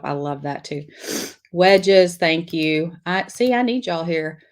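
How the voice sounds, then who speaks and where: A middle-aged woman chats her way through a live craft lesson. Her voice sits a little low, and she talks loosely and warmly to viewers while she draws, picking up their comments as she goes. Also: slow, long pauses. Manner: chatty, reads viewer comments aloud while drawing. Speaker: lettering class host.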